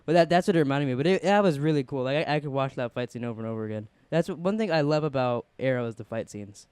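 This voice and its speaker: A young man co-hosting a casual TV review chat, excited and rambling with lots of restarts. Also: mid-range voice, very fast, clear, resonant tone, no echo. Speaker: podcast co-host.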